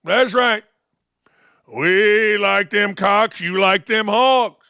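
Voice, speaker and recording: A man's voice: sits high, drawn-out words, gravelly, bright, forceful tone, smooth, dry recording, clean studio sound. A man in his sixties hosting a show, ranting in a mocking, sarcastic way with heavy emphasis. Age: 60s. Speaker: host. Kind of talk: sarcastic commentary rant.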